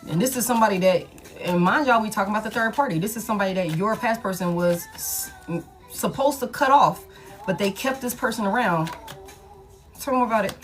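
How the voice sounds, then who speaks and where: A woman's voice: mid-range voice, fairly quick, faint music behind. A woman giving a casual tarot reading, speaking in a slangy, emphatic and repetitive way, with frequent swearing. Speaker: tarot reader.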